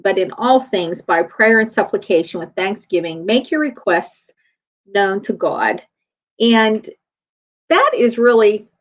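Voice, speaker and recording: A middle-aged woman chiropractor giving a faith-based motivational talk in a conversational, storytelling way. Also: on the high side. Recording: dull lo-fi recording.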